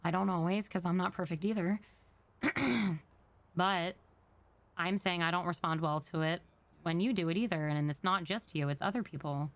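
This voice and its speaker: A woman's voice: on the low side, moderate pace, long pauses, dry recording. A woman talking in character during a role-play, earnest and explaining herself at length.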